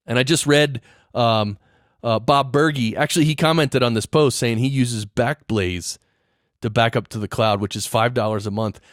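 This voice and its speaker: A man's voice: medium pitch, normal speed, no echo, studio quality. A man hosting a podcast, explaining things in a casual, chatty way with lots of fillers and restarts. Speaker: podcast host. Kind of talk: casual solo podcast talk.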